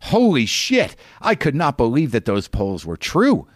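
A man hosting a podcast, telling a rambling, incredulous comic story with quick restarts. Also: mid-range voice, wildly swooping pitch, dry recording, studio quality. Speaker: podcast host.

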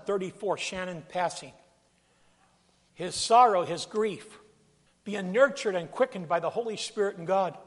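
A man with a high, gravelly voice preaches in a church sanctuary, taking his time over each phrase. He acts out scripture in a dramatic way and calls out to the congregation. His voice rings with the long reverb of a big hall. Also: fairly bright tone. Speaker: pastor. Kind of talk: sermon.

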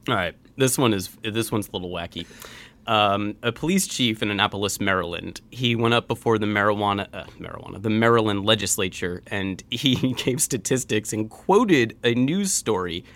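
Lively, joking male podcast co-host. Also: on the low side, normal speed. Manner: joking, reads news stories aloud. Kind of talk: casual news chat.

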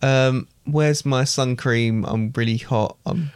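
A man's voice: mid-range voice, fairly even intonation, takes it slowly, smooth, no echo, clean studio sound. A man co-hosting a casual podcast, easygoing, guessing aloud with hesitant fillers. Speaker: podcast co-host. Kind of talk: casual chat.

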